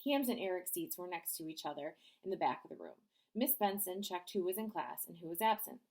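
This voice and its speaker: A woman's voice: lowish voice, expressive, a little fast, a little mellow. A woman reading a children's chapter book aloud as a bedtime story. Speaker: storybook reader.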